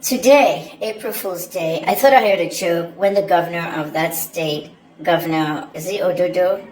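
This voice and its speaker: A woman's voice: on the low side, normal speed, a little mellow, a little hiss or hum. Indignant woman in echoey room. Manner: opinionated, indignant, chatty. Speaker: journalist and commentator. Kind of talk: direct-to-camera commentary. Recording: echoey room with faint ambience.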